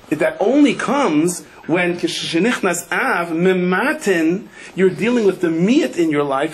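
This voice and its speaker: A man preaching as a rabbi, telling stories in an animated way and acting out the people in them. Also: high voice, slightly rough. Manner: animated storyteller, acts out the people in his stories. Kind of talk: sermon with storytelling.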